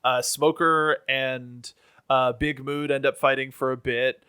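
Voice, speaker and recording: Smooth-voiced man, halting casual recap. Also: medium pitch, flat delivery, sharp tone, no echo, studio quality. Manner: halting recap with many ums and likes. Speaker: podcast co-host. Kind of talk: casual chat.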